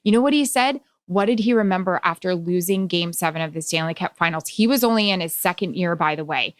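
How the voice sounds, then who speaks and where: A woman in her forties co-hosting a podcast, telling stories in casual chat with a slightly nasal, animated delivery. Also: on the low side, fast talker, dry recording. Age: 40s. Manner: animated storyteller. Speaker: podcast co-host.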